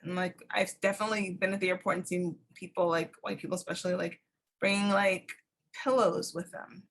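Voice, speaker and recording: A woman hosting a podcast in casual chat, lively and laughing often, with many fillers. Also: on the low side, fairly quick. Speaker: podcast host.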